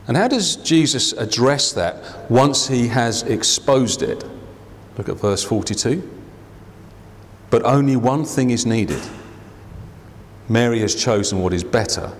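A man preaches a sermon in a church, with a voice that rises and falls a great deal. He acts out the people he quotes. Long reverb hangs around his words. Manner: expressive, acts out quoted voices with big pitch swings. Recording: hall reverb.

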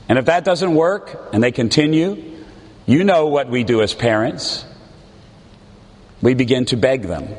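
A man preaching a sermon as a pastor, with a slow, earnest, pleading delivery and dramatic pauses. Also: medium pitch, big pitch swings, in a large hall.

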